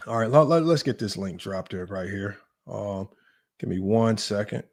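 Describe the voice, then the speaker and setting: A man hosting a casual sports livestream, teasing his chat, his voice jumping up in mock disbelief. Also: moderate pace. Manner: animated, teasing, voice jumps high in mock disbelief. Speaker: livestream sports talk host.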